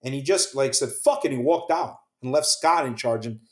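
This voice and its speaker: A man, a podcast guest, telling his own survival story in an earnest way. He acts out the voices of others and goes quiet at the painful parts. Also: mid-range voice, normal speed, echoey room. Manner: earnest, acts out quoted voices, drops soft at painful moments. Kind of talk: emotional first-person storytelling.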